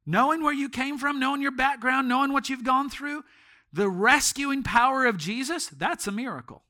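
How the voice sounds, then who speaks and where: Pastor guy preaching in church, high bright voice, goes from quiet to shouting. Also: normal speed. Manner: storytelling, swings from hushed to shouting. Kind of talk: sermon.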